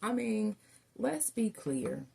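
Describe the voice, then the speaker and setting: A woman's voice: mid-range voice, big pitch swings, takes it slowly, creaky, heavy background noise. A woman doing a casual tarot reading, telling stories in a chatty way and calling her viewers y'all. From Southern United States. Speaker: tarot reader.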